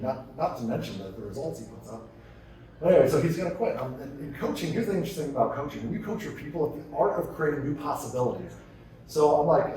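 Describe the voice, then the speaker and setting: A man giving a live talk to an audience, telling stories and firing off rhetorical questions. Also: mid-range voice. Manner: energetic storytelling with rhetorical questions. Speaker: keynote speaker. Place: large conference hall. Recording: echoey hall, distant mic.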